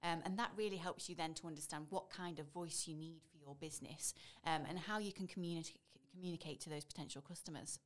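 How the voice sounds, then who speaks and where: A woman's voice: low voice, fairly even intonation, fast talker, few pauses. A woman in her thirties with a Stoke accent, a voiceover artist chatting as a guest in an interview, full of "you know" fillers. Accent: Staffordshire (Stoke). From Stoke-on-Trent area, England. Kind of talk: casual conversational interview.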